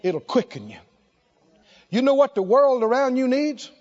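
A man's voice: very high voice, sing-song, moderate pace, a little mellow, highs cut off. A man preaching a sermon, emphatic and exclaiming, repeating short phrases for effect.

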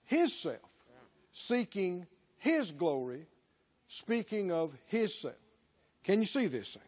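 A man's voice: high voice, big pitch swings, takes it slowly. A man preaching a sermon, pressing his points with emphatic rhetorical questions. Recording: dull lo-fi recording.

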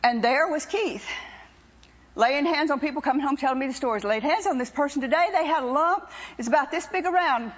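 An older woman, a preacher's wife, telling a personal testimony to a congregation in an animated, teasing, wry way. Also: high voice, brisk, in a large hall, lo-fi sound.

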